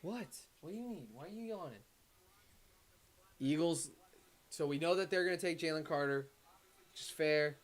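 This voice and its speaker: Excitable man chatting on a live stream. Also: a little high, moderate pace, long pauses. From Detroit area. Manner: excitable, talks to chat and his pet, swings from loud to muttering. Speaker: streamer hosting a draft watch party. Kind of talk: casual live-stream chat, reading comments.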